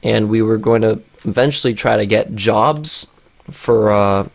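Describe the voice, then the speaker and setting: Gamer guy, voice all raspy and cracky, drawls along slow w/ lots of ums. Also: lowish voice. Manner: rambling, self-deprecating, lots of fillers and restarts. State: raspy, voice cracking after a long break. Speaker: YouTuber. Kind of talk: casual rambling vlog while playing a game.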